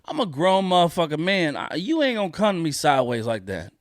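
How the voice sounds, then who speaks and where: A man's voice: a little high, sing-song, a little fast, hardly any pauses, dry recording, studio quality. A man hosting a solo podcast, ranting in a profane, indignant way and repeating his points for emphasis. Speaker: podcast host.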